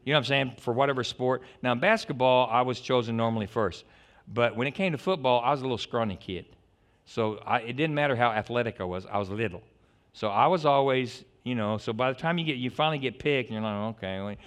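A middle-aged male pastor preaching a sermon in an animated, digressive way, swinging from loud outbursts to hushed stretches. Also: medium pitch, quick pace.

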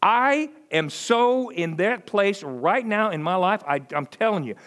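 A man's voice: sits high, unhurried. A middle-aged man preaching a conversational sermon, telling stories with lots of acted-out voices and chuckles. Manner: animated storytelling, acts out quoted voices, chuckles often.

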